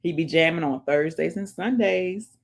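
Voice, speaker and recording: A woman vlogger in casual chat, giving emphatic shout-outs and calling her viewers "y'all" while she listens to music in her earphones. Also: on the low side, normal speed, creaky. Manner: chatty and emphatic, keeps addressing viewers as y'all; preachy, urges viewers to pray and support others. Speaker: vlogger, channel host. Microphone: earphones in, listening to music while talking.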